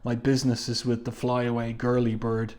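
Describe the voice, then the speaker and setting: A man's voice: medium pitch, monotone, moderate pace, a little mellow, lightly acted. A man reading out the lines of a menacing, mocking male killer, in a voice close to his own. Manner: read aloud in a near-plain voice.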